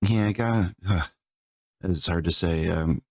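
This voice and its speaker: Really low gravelly guy, rambling, dry close sound. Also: unhurried, dry recording. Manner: rambling, hesitant, full of filler. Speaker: guest. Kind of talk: comedic sketch chat.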